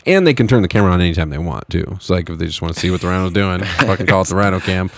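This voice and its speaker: A man's voice: deep voice, racing, creaky, a little hiss or hum. A man co-hosting a podcast, chatting casually, laughing often and swearing freely. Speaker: podcast co-host. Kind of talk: casual chat.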